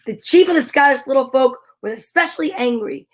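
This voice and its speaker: A woman's voice: high-pitched, lively intonation, a little fast, hardly any pauses, a little hiss or hum. A woman hosting a children's storytime, reading a storybook aloud playfully and animatedly, with chatty asides. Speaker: storytime host.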